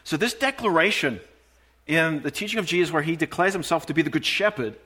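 A man preaching a sermon, reading scripture aloud in a measured, emphatic way and slowing down on key phrases. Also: on the high side, expressive, bright, forceful tone.

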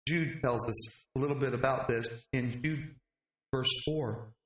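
A man preaching a sermon, telling a scripture story in an animated way with dramatic pauses. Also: medium pitch, roomy sound.

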